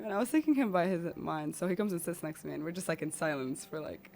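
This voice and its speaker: A woman's voice: fairly low pitch, lively intonation, fast, vocal fry, hardly any pauses, a little mellow. A woman guest on a podcast telling a personal story in an emotional, rambling way.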